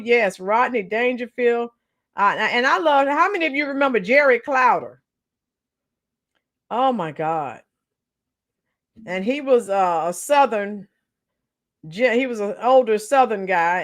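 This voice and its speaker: Chatty woman hosting a live stream. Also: a little high. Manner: chatty, laughs a lot, reacts to comments. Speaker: channel host reading live chat. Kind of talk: casual live-stream chat.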